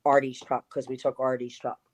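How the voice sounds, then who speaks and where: A middle-aged woman with a notably low voice tells an animated story as an interview guest. She slips into the voices of the people she quotes and swears casually. Her delivery is loose and conversational. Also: brisk, low-quality recording. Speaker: interview guest, former wrestler.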